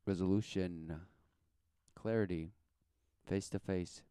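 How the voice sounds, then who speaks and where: A man's voice: low voice, steady tone, takes it slowly, warm tone, clean tone, dry recording, clean studio sound. A man giving a rambling, sarcastic, preachy commentary as he reacts to a podcast clip. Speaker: religious commentator.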